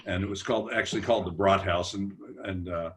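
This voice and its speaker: Deep-voiced older man telling anecdotes. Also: fairly even intonation, fast. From United States. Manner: rambling, self-deprecating, with restarts and quoted voices. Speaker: panelist, humor writer. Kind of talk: relaxed anecdotal storytelling.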